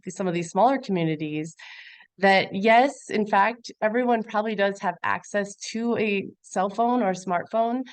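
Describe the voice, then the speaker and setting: A woman's voice: fairly low pitch, clean tone, dry recording. A woman giving a conversational webinar presentation over a video call, earnest and filler-heavy. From Montana. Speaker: guest presenter.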